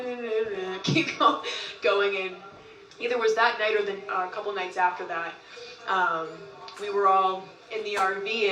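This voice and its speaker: A woman telling a long story in casual talk, animated, often laughing and acting out what others said. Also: medium pitch, recorded from a distance. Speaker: group member recounting events. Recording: roomy, from off-mic.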